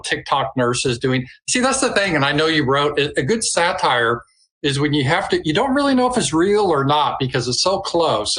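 A man's voice: mid-range voice, a bit bright, low-quality recording. A man hosting a casual livestream conversation, rambling and often restarting his sentences. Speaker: host.

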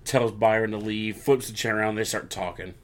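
A man in a casual podcast chat, recapping wrestling shows as an animated storyteller who acts out what people said. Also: lowish voice, brisk.

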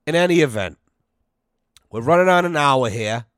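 A man's voice: on the high side, lively intonation, normal speed, a bit bright, smooth, no echo, clean studio sound. A man hosting a casual solo podcast, ranting in a profane, heated, mock-outraged way while sweating from the heat. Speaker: podcast host.

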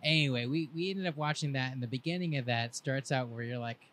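A young man on a podcast, telling a long rambling story in a casual, laid-back way and quoting his friends in lively voices. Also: mid-range voice, fast talker, a little hiss or hum. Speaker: podcast co-host.

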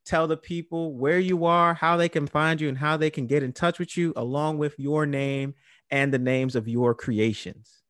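A man's voice: a little high, normal speed, a bit bright, no room sound, studio quality. A man hosting a casual podcast, who repeats words for emphasis. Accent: New York. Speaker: podcast host.

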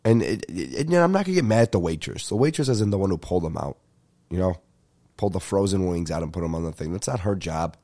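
A young man, telling a comic story as a podcast host in an animated, profane rant. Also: sits low, quick pace. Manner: animated ranting with frequent profanity. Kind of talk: ranting comedic storytelling.

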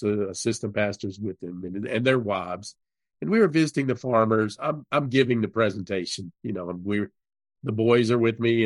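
Earnest low-voiced man telling a story. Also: no room sound. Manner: earnest storytelling, halting restarts. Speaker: guest. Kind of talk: casual interview conversation.

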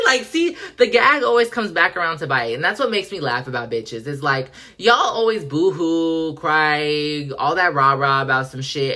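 A woman's voice: deep voice, bright, forceful tone. A woman hosting a podcast, ranting in a sassy, profane, slang-heavy way. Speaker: podcast host. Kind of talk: casual pop-culture rant.

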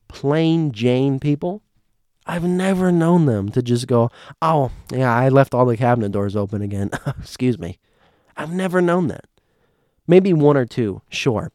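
An American man hosting, chatting casually and reading listener ghost stories aloud, digressive and self-correcting, hushing for the eerie parts. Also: medium pitch, dry recording, clean studio sound. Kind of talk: casual commentary and story reading.

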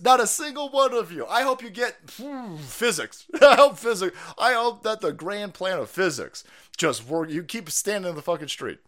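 A man hosting a livestream, giving loud, crude, cackling commentary on video clips. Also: sits high, very animated, moderate pace, a little hiss or hum. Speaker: livestream host.

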